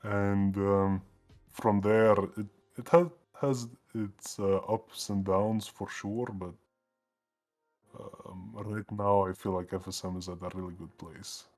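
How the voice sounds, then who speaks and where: Slow, low-voiced male guest. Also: steady tone, a little mellow, soft background music. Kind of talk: casual interview chat.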